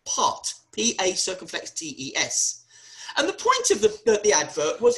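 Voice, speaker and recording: A university lecturer giving a webinar talk, animated and wry, often spelling words out letter by letter. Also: medium pitch, moderate pace, rough recording.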